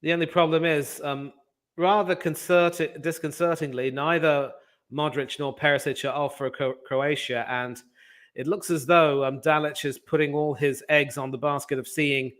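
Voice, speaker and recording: A man hosting a football watch-along over a video call, talking in a measured, thoughtful way with frequent pauses. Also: fairly high pitch, steady tone, a bit bright. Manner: measured, thoughtful, hesitant with fillers. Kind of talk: casual match chat over video call.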